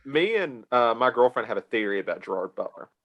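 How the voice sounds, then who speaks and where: A young American man co-hosting a film podcast, talking in a relaxed, hedging way full of fillers. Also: mid-range voice, brisk, highs cut off. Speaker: podcast co-host. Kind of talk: casual film chat.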